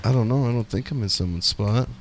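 A man co-hosting a podcast, excitable and swearing freely as he tells stories in casual banter. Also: medium pitch, quick pace, a little hiss or hum. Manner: excitable, swearing, animated storytelling. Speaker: podcast co-host.

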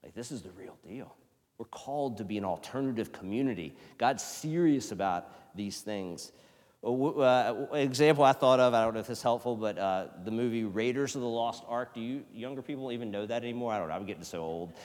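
A male pastor giving a casual, conversational sermon, swinging from loud emphasis to hushed near-whispers. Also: mid-range voice, a little fast. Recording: long reverb of a large hall.

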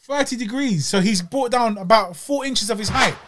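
A man's voice: very high voice, normal speed, noisy background. A man with a London accent, co-hosting a podcast and critiquing a boxing match in casual, slangy chat. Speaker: podcast co-host.

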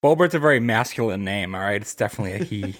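A man on a casual podcast who talks in an expressive, joking way. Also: on the low side, rapid-fire.

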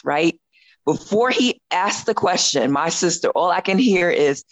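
A woman in her fifties tells a story as a podcast guest, animated and quick to laugh, acting out her own lines. Her voice sits a little low for a woman. The recording is close and dry. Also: no room sound, rough recording. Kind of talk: casual storytelling chat.

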